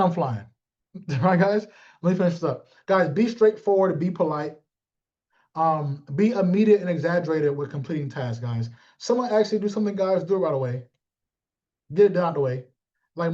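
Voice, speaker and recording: A man giving a motivational talk to his team, animated and streetwise, calling out listeners by name. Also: high voice, dull audio. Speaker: team leader.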